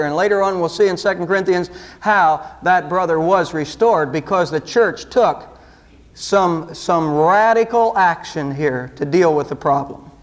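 A male pastor preaches a sermon in an earnest, direct way, putting pointed rhetorical questions to the congregation. His voice sits high.

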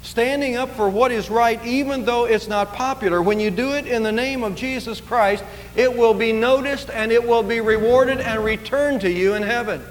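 High-voiced preacher in a reverberant church. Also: male voice, normal speed, slight background noise. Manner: earnest, emphatic preaching with repetitions. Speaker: pastor. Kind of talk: sermon. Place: church sanctuary.

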